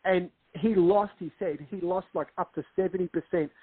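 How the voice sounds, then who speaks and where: A man's voice: high-pitched, moderate pace, husky, no room sound. A film director as a guest in a casual interview, explaining earnestly and acting out quotes as he tells stories. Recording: tinny phone-line sound.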